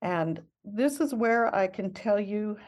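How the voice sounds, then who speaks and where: A woman's voice: medium pitch, animated, slow pace, a little mellow. An older woman, a missionary guest in an interview, telling her story in an earnest, reflective and heartfelt way.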